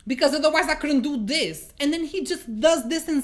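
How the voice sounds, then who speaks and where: Woman vlogger venting about a film, high voice, cussing a lot, super animated. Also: a little fast, few pauses. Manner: exasperated, swearing, animated storytelling. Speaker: movie review vlogger. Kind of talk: casual spoken movie review.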